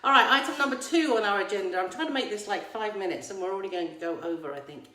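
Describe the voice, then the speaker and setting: English woman, vlogging at home, playful teacherly asides, mid pitch, phone at arm's length, echoey room. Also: fast, bright, forceful tone. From England. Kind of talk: casual chat to viewers. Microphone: phone camera held at arm's length.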